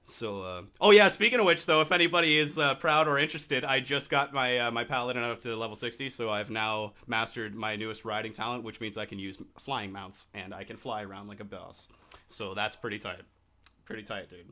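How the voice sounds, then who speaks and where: A man's voice: lowish voice, fairly quick, sharp tone. A young man co-hosting a podcast, chatting casually in a laid-back, joking, profane way. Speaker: podcast co-host. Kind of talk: casual chat.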